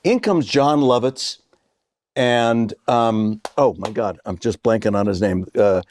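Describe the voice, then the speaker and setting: There's slight background noise as this sixties-aged actor, a chat show guest, unhurriedly tells a casual story in a fairly low voice. He's an animated storyteller who acts out the voices of the characters he quotes.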